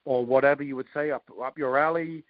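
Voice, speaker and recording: A man's voice: medium pitch, fast, dry recording. English man coaching over a dull line. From England. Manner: relaxed, conversational, frequent ums and restarts. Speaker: network marketing coach. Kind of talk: coaching call, modelling sales scripts.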